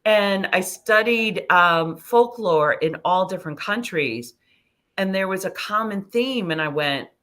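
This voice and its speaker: A middle-aged woman, a guest on an interview show, telling personal stories in an animated way, swearing freely and acting out conversations. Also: medium pitch, unhurried. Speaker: guest, ascension teacher and hypnosis practitioner. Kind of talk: casual storytelling interview.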